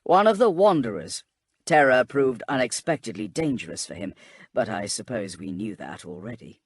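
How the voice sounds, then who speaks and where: A man voicing a grave, secretive male inquisitor, speaking in a measured, reserved, husky voice. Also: medium pitch, expressive, no echo, studio quality.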